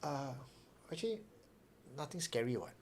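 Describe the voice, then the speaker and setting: A man's voice: a little high, very animated, normal speed, a little hiss or hum. A man co-hosting a podcast, chatting casually with jokes and laughter and reading news items aloud. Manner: laid-back, jokey, laughs often. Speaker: podcast co-host.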